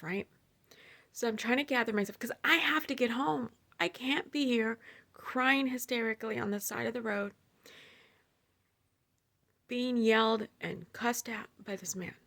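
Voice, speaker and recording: A woman telling a personal story to her viewers in a casual, animated way, with many fillers and asides. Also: fairly high pitch, gravelly. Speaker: storyteller sharing personal experiences.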